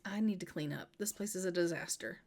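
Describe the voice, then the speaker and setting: A woman's voice: lowish voice, a little fast, a little mellow. A woman voicing a tidy, patient young husband in a life-sim game, in her own mild, matter-of-fact voice.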